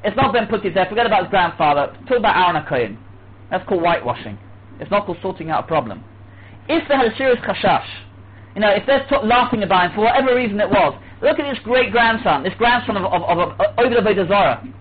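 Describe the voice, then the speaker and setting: High-pitched male Torah teacher, animated, heard on a thin phone-quality line. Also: quick pace. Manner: animated, acts out voices, restarts often. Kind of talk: Torah class lecture. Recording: tinny phone-like line with faint hiss.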